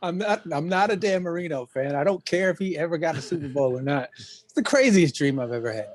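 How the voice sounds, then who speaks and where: A man's voice: a little high, animated, a little fast, no room sound. Wry male podcast co-host, dry sound. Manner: wry, laughing banter. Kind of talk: casual comedic chat.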